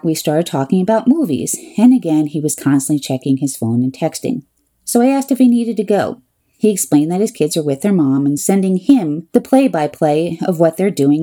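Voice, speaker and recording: A woman with a low, mellow voice recounts a comic personal story. Her delivery is wry and deadpan, with exasperated asides.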